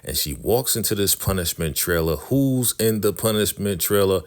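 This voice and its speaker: A man casually recapping a TV episode, retelling scenes and acting out the characters' lines in quick, chatty bursts. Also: deep voice, lively intonation, darkish tone.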